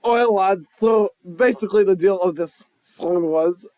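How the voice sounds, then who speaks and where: A man's voice: high-pitched, measured pace, a little mellow. A man voicing a cheeky young male intern from Liverpool with a nasal Liverpool accent, calling everyone lads and mates. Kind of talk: comedic put-on voice in podcast chat.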